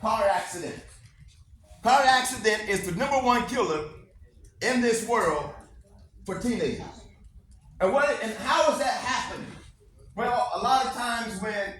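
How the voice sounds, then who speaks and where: A man's voice: high voice, lively intonation, unhurried, pauses often, fairly bright tone. A man giving a motivational speech to students in a classroom, emphatic and repetitive, leading call-and-response. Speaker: motivational speaker. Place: school classroom. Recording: echoey classroom from far off, faint noise.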